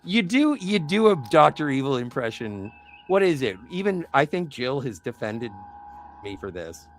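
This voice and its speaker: A man chatting casually as a podcast co-host, animated, often slipping into quoted voices. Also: medium pitch, normal speed, slight background noise. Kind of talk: casual conversational chat.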